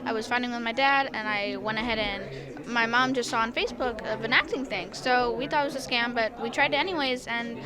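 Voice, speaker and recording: A woman's voice: a little high, brisk. Casual teenage girl, a young actress. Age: teens. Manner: casual, says "like" often. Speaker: young actress, interview guest. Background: crowd chatter.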